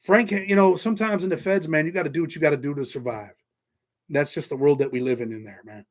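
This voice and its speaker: Slightly high-voiced Southern-tinged man, rambling. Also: quick pace. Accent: Southern-tinged American. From New York. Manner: loose and rambling, thanks viewers by name. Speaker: host. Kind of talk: casual livestream chat answering viewers.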